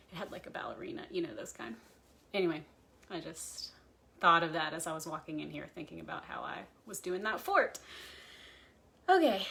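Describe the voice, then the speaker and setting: A young woman pastor in a casual livestream chat, remembering someone dear in a reflective, halting way, with many ums and restarts. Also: on the low side, fairly bright tone.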